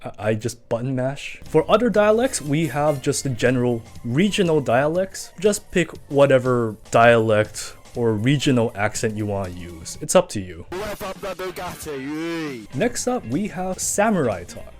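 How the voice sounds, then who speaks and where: Lively-voiced man, chatty commentary. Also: medium pitch, measured pace, faint music behind. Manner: casual, chatty asides. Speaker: video essayist. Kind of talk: scripted commentary.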